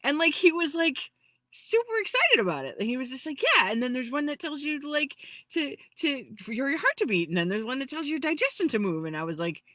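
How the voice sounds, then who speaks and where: A woman in her forties, an energy healer, giving a casual spiritual talk in a rambling, animated way full of restarts. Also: high voice, fairly quick, no echo. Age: 40s.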